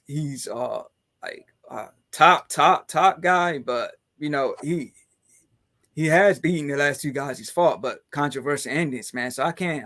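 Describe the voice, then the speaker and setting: A man's voice: on the high side, a bit bright. A man hosting a casual podcast chat who rambles along, filling his talk with "man" and "you know". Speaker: podcast host.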